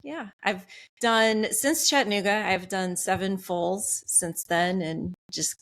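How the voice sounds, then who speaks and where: A woman speaks at a medium pitch as a podcast guest. She tells her story in an upbeat, earnest, conversational way. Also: slow pace, a bit bright. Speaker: podcast guest, Ironman athlete. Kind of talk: casual podcast chat.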